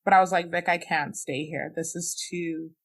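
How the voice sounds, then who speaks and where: Her voice is lowish and husky, steady in tone, at a normal pace. As a podcast guest, this young woman opens up emotionally about something she went through, saying "like" and "you know" a lot.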